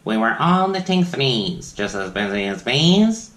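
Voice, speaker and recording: Slow, sing-song man reading a storybook. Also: medium pitch, big pitch swings, a bit bright. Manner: sing-song rhyming reading with playful asides. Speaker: children's story reader. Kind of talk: reading a picture book aloud to children. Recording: roomy echo.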